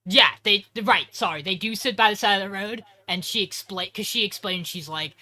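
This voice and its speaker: Bright-voiced man rambling through a recap. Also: high voice, moderate pace, hardly any pauses. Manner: rambling, profane, self-correcting. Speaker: podcast co-host. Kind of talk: casual episode recap.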